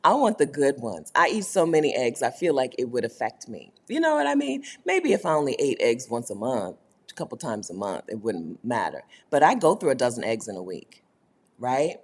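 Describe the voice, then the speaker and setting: A woman's voice: rumbling low, big pitch swings, moderate pace. A woman hosting a casual livestream, chatting with viewers, reading their comments aloud and laughing often. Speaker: host of a livestream for her community.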